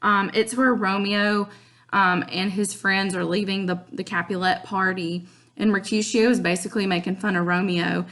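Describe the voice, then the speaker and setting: Woman, teacher, casual lesson, chatty and informal, gravelly fry. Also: mid-range voice, fairly even intonation, moderate pace, a bit bright. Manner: chatty, informal, addresses students directly.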